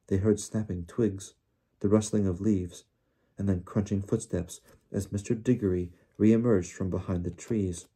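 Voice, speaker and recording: Dark, husky male audiobook narrator. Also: deep voice, steady tone, moderate pace. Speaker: audiobook reader.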